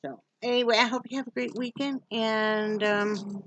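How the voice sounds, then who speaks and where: A woman's voice: a little high, steady tone, normal speed, slight background noise. A woman from Wyoming in a casual home vlog, chatty and joking and cooing at her dog. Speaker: vlogger. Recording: dull lo-fi sound.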